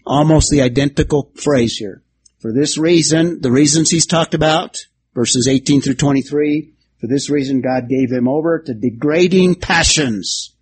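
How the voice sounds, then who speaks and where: A man's voice: mid-range voice, a little mellow, slightly rough. Man teaching scripture at a whiteboard. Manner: expository, uses a whiteboard and alliteration, jokes with the class. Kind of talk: sermon-style Bible teaching.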